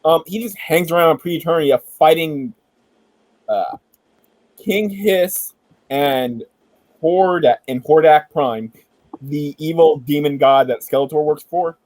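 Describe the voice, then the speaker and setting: A man hosting a casual entertainment chat, retelling a backstory in an animated, joking way and swearing casually. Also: a little high, slow, dry recording, poor audio. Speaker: podcast host.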